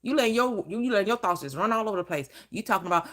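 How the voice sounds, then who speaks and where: Lively, emphatic woman preaching. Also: mid-range voice, very fast, hardly any pauses. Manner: emphatic, preacherly, swings into acted quotes and repetition. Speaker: manifestation teacher. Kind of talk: preaching-style motivational talk.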